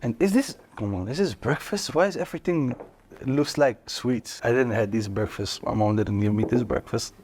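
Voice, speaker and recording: A man's voice: mid-range voice, normal speed, a little mellow, slight background noise. A young man and singer chatting playfully while tasting breakfasts, laughing often and joking around. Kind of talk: casual food-tasting chat.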